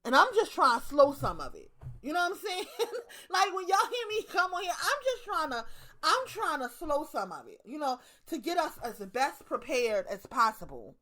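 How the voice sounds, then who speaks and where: Woman, 30s, Baltimore accent, slightly high voice, blunt, profane monologue with lots of repetition. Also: big pitch swings, moderate pace, sharp tone. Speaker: online commentator. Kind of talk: casual monologue to camera.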